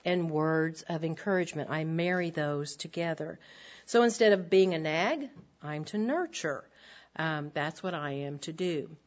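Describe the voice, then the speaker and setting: Older female Bible teacher, earnest and direct delivery, muffled lo-fi recording. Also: medium pitch. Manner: earnest, direct, with frequent ums. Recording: dull lo-fi recording.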